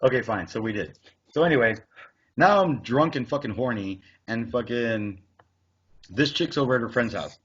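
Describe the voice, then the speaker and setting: Husky and a bit bright, this man's mid-range voice moves at a moderate pace with plenty of animation. A podcast co-host in his thirties, he rambles through a profane, crude story in casual fashion, recorded in dull lo-fi audio.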